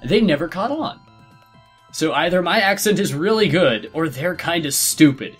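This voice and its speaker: Bright-voiced young man, chatty. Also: fairly high pitch, normal speed, husky, faint music behind. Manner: chatty, animated storyteller with frequent fillers. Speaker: let's play co-host. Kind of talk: casual gameplay chat.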